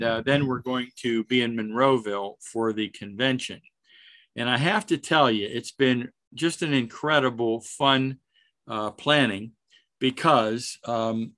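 A man hosting a video call, introducing a guest with a halting delivery and many fillers. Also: medium pitch, a bit bright, no room sound, rough recording. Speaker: host of the society call.

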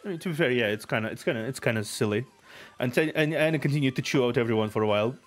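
A man's voice: medium pitch, fast talker, soft background music. A male streamer playing through a story game, reading it aloud and voicing every character playfully.

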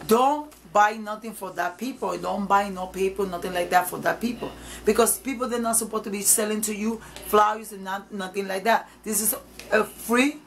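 A woman's voice: mid-range voice, normal speed, slight background noise, low-quality recording. A woman evangelist preaching informally to camera, emphatic and repetitive, in nonstandard English.

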